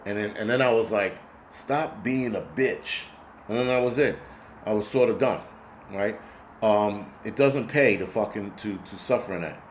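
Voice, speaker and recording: His voice sits lowish and moves at a moderate pace, with a little hiss or hum in the recording. This middle-aged livestream host goes on a rambling, profane rant, speaking bluntly as he reads out comments from viewers.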